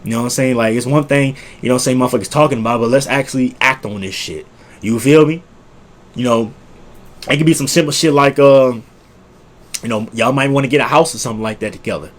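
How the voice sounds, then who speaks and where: A man's voice: mid-range voice, fast. A young man, giving profane, preachy relationship advice in a casual monologue that keeps circling back to the same points. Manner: profane, preachy, repetitive, rises loud when making a point. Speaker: relationship vlogger.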